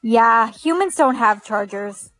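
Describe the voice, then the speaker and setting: A woman with a high voice acts in a comedy skit, with matter-of-fact, playful lines. Faint music runs underneath. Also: lively intonation, slow, fairly bright tone. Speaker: content creator.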